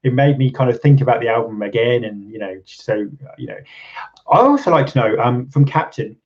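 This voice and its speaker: A man's voice: mid-range voice, animated, fairly quick, darkish tone. English guy hosting a livestream, rambly, um-heavy, kinda dull lo-fi sound. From England. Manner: rambling, many ums and restarts, chuckles often. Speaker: channel host. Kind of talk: casual live-stream chat reading viewer comments.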